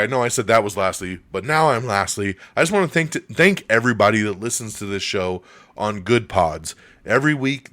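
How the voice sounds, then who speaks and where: Low-voiced man hosting a podcast. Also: a bit bright, dry recording. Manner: chatty, upbeat sign-off, many fillers. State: voice getting scratchy. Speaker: podcast host. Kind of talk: casual entertainment news podcast.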